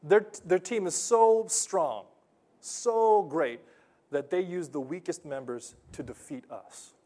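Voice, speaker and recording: Animated man preaching a sermon. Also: a little high. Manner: animated storytelling preacher, swings from loud to hushed. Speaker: pastor.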